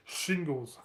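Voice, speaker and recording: Northern English man in middle age, loose chatty live-stream host, laughs a lot, curses casually, voice sits a bit high. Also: fairly bright tone. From northern England. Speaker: beer review channel host.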